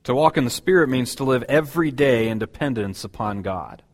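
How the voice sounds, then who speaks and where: A man preaches a sermon from the pulpit as the church's pastor. He talks in a relaxed, conversational way, full of ums and uhs, and often restarts his sentences. His voice sits at an ordinary middle pitch for a man. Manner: conversational, halting with many fillers and restarts.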